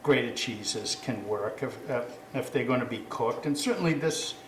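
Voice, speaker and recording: A man's voice: medium pitch, a little slow, echoey room, a little hiss or hum. A man hosting a casual cooking demonstration, chatty and self-correcting, with apologetic asides. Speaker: cooking show host.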